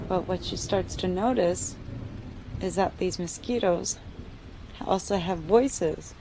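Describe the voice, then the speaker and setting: A young woman tells a scary story in a low, gravelly voice, loose and chatty, saying "like" often. The recording is noisy, with steady background hiss. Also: a little slow. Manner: casual, uses "like" a lot. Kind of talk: casual spooky storytelling.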